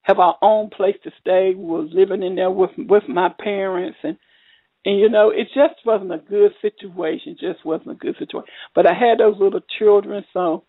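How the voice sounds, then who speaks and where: A woman's voice: medium pitch, no echo. A middle-aged woman, preaching a heartfelt testimony sermon, repeating herself and rising to cries. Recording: tinny phone-line audio.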